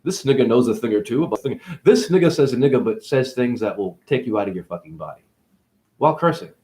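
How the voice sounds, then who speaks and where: A man giving a rambling, profane spiritual monologue that swings between loud ranting and low murmurs. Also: lively intonation, fast. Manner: profane, jokey. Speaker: spiritual talk host.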